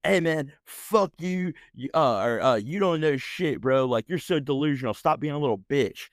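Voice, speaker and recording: A man's voice: a little high, animated, moderate pace, dry recording, studio quality, natural voice. A man putting on a taunting, pushy young guy. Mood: scornful. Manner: pushy, needling, mocking.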